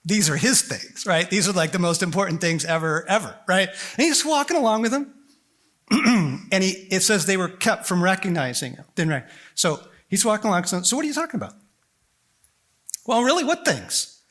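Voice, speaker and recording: A man giving a storytelling sermon at a conference, animated and joking as he acts out the scenes. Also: high voice, normal speed. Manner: animated and joking, acting out quotes. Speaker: conference speaker.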